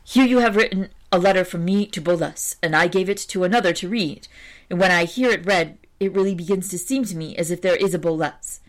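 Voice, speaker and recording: Picture a lonely, poor woman pressing her point with hurt insistence, read aloud by a woman narrator. Her voice sits a little low for a woman. The reading is an audiobook style. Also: lightly acted. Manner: pleading, offended insistence.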